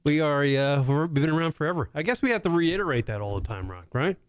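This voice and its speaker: A man in his thirties co-hosts a comedy talk podcast, telling stories in a profane, animated way. His voice sits a little high. The sound is dry and close to the mic. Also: quick pace, clean tone, dry recording. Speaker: podcast co-host. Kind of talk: casual comedy chat.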